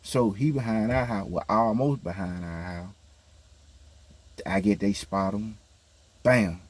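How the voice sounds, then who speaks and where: A man telling a story casually to his viewers, with a slightly scratchy throat from a cold, chatty and animated, often checking in with his listeners. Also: fairly low pitch, measured pace, no room sound. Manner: animated when retelling events. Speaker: vlogger.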